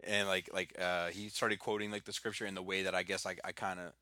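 A man's voice: low voice, little pitch movement, fairly quick, pushed and bright, no echo, studio quality. A man co-hosting a podcast, telling stories in a casual chat, laughing often and restarting his sentences. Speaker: podcast co-host.

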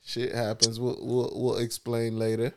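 A man hosting a podcast, opening the show and teasing his co-hosts in a relaxed, joking way. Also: medium pitch, a little slow, creaky, clear, resonant tone. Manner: relaxed, joking, leading the talk. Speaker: podcast host. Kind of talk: casual podcast chat.

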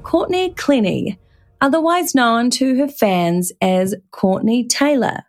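A woman's voice: a little high, lively intonation, takes it slowly, faint music behind. A young woman with a New Zealand accent, co-hosting a podcast and playfully telling a true-crime story in casual chat. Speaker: podcast co-host.

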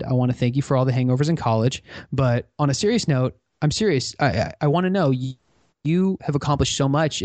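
A man's voice: medium pitch, no room sound. A man telling a story in a podcast interview, acting out the lines of the people in it. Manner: animated storyteller acting out quoted dialogue. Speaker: podcast guest. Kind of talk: conversational storytelling.

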